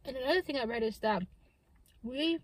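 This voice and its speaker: Husky-voiced woman musing while eating. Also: high voice, brisk, no echo, rough recording. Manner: talks with her mouth full; musing, rambling with many fillers. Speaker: mukbang vlogger. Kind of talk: casual chat while eating.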